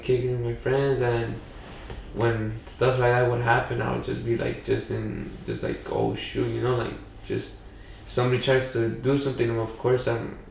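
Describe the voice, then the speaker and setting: A young adult man's medium-pitched voice carries vocal fry as he tells a rambling, casual story on a podcast where he's a guest, saying "you know" and "like" constantly. He comes from Pacoima, Los Angeles. There's a little hiss or hum, an echoey room, and the mic is far off.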